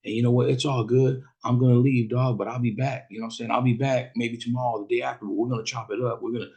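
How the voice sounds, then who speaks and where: A man voicing a brash, cocky young male gang rival in a raised, gravelly voice as he tells a story. The rival drops street slang and sounds sure he can do what he likes. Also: mid-range voice, fairly even intonation, quick pace, darkish tone, pitched above the performer's own voice. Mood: taunting.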